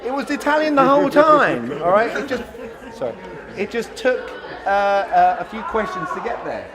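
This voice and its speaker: Blunt man, sales trainer on stage, slightly high voice, loud crowd behind. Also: normal speed. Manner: blunt, animated, acts out both sides of dialogues. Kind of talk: talk to a live audience.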